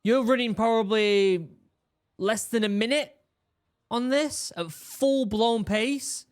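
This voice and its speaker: A man, a former marine giving casual, animated commentary while reacting to a training video, often restarting his sentences. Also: very high-pitched, slow, clear, resonant tone. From England. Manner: animated, exclaiming, with repeated restarts.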